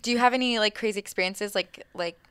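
A young woman chatting casually, telling a lively story full of fillers and acted-out thoughts. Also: mid-range voice, fast, clear, resonant tone, no room sound. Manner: animated, many fillers, acts out her own thoughts.

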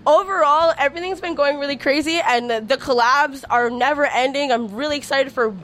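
A woman's voice: high-pitched, fairly quick, a bit bright. A young woman from Montreal, a record label founder, chatting casually in an interview, bubbly and giggly, with many "like" fillers. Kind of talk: casual radio interview chat. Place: crowded room with people.

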